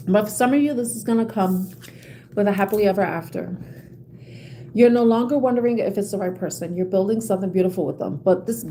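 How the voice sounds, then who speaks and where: A woman's voice: mid-range voice, brisk, pauses often, warm tone, a little hiss or hum. A woman giving a casual tarot reading to her viewers, chatty and laughing often, with many "you know"s. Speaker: tarot reader.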